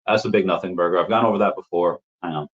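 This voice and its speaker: A livestream host with a fairly low, steady voice talks fast and loosely while answering chat, stumbling over repeated words and bursting into laughter. He coughs now and then while recovering from an illness, and the audio is muffled and lo-fi.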